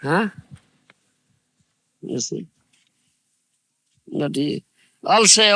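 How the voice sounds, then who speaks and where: Animated man giving a devotional lecture. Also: on the high side, slow, creaky, long pauses, no echo. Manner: emphatic, repeats phrases, asks "you understand?", laughs. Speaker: spiritual teacher.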